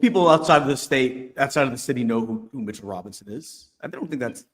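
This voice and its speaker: Mid-pitched male co-host, teasing banter, reverberant sound. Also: animated, quick pace. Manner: joking, teasing. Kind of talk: casual sports banter.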